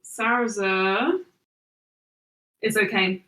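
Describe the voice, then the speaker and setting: A woman narrating a tabletop game as game master, with playful, quick narration. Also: medium pitch, bright, forceful tone, recorded from a distance. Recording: echoey room, voice from off-mic.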